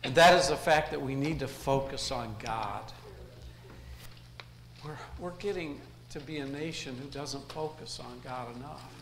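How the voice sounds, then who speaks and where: A man with a medium-pitched, slightly bright voice preaches at a measured pace in a church sanctuary. His folksy sermon mixes jokes and laughter between points, and the room is echoey with faint ambience.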